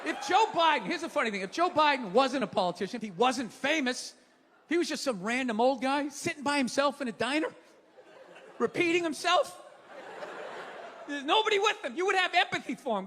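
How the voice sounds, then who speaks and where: A sarcastic male stand-up comic rants and shouts in a very high, strained voice. He swears freely as he works the room. A lively audience and steady noise surround him on a live stage recording. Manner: ranting, sarcastic, profane, often shouting. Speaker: stand-up comedian. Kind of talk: stand-up comedy set. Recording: live show with crowd and noise.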